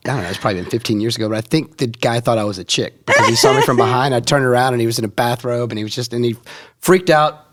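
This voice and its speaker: Fast-talking man co-host, noisy recording. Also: medium pitch, a bit bright. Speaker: podcast co-host. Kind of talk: casual chat.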